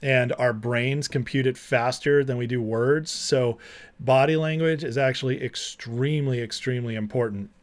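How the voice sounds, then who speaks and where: A man's voice: mid-range voice, fairly even intonation, normal speed. A man hosting a livestream, talking casually, reading chat and mocking clips with frequent laughter. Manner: chatty, laughs often, mocking. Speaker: livestream host.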